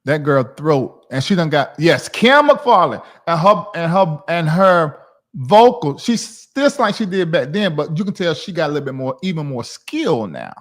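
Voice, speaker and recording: A man in his forties from the South, chatting casually on his livestream in a rambling, animated way. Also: fairly high pitch, moderate pace. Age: 40s. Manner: rambling, animated, talks to chat viewers by name. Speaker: livestream host.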